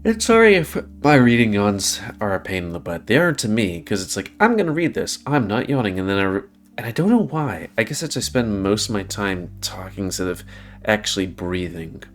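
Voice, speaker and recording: A man's voice: fairly low pitch, sing-song, brisk. A man making rambling, self-deprecating asides while reading a visual novel aloud. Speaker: let's play reader.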